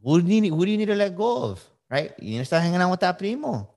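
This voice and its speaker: A man's voice: high voice, big pitch swings, fast talker, a little mellow. A middle-aged man on a podcast, giving casual motivational advice in an emphatic way, often repeating words and checking in with "right?". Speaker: podcast guest, coach.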